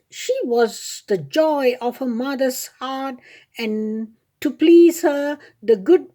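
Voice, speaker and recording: In a high, mellow voice, a woman unhurriedly reads a fairy tale aloud, with small slips and self-corrections scattered through her telling.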